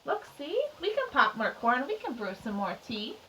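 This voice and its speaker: A woman's voice: a little high, big pitch swings, moderate pace, pushed and bright, slight background noise. A woman doing a small coaxing mouse. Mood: soothing. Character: small fussing mouse, soothing and kind. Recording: distant mic.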